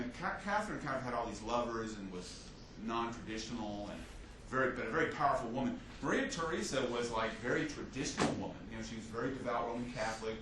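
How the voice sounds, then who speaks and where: A man teaching a history class as a lecturer, telling the story with lively restarts and fillers. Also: medium pitch. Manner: animated storytelling with many restarts. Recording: echoey classroom from a distance, faint hiss.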